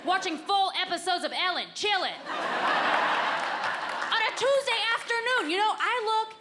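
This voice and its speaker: A woman's voice: very high-pitched, normal speed, a loud crowd, very noisy. Frank, brassy woman comic in her thirties. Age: 30s. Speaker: stand-up comedian. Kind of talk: stand-up comedy set.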